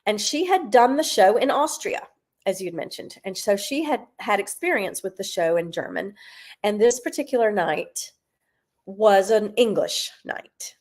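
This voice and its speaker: A middle-aged woman from South Carolina, a Broadway singer chatting as a guest and telling stories with lively, half-sung bits. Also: mid-range voice, measured pace. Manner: animated storyteller, sings snatches of lines. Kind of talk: casual interview chat.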